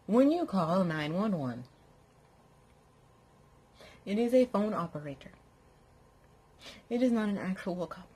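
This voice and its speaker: Lying in bed at home, a female vlogger rants to her audience in a very animated yet slow way, leaving long pauses. Her voice is a little mellow with a breathy edge, and the audio is poor. She's exasperated and sarcastic, putting on high voices to mock others.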